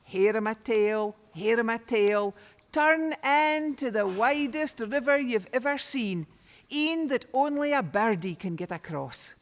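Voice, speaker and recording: A woman with a Doric Scots accent voicing a wise magical cow from a folk tale, chanting a calm spell. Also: fairly high pitch, unhurried. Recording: long reverb.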